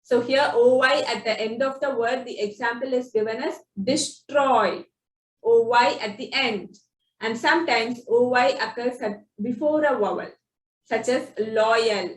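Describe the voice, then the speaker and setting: A woman teaching phonics, explaining spelling rules slowly and sounding out example words one by one. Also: fairly high pitch. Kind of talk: slow instructional explanation. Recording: echoey room, distant from the mic.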